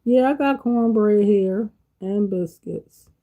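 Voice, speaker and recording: A woman hosting a casual cooking vlog, talking in a relaxed, folksy way to herself and greeting viewers by name. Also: medium pitch, slow pace, phone-quality sound. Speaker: cooking channel host. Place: home kitchen.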